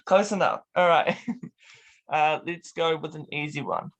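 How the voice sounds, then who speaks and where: A man's voice: fairly high pitch, a little slow, fairly bright tone. Playful, giggly male interview host. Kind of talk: casual video-call interview. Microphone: video call.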